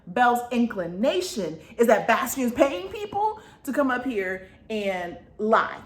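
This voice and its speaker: A woman's voice: on the high side, big pitch swings, a little slow, roomy sound. A woman vlogger recapping a book in a chatty, slangy way, full of fillers.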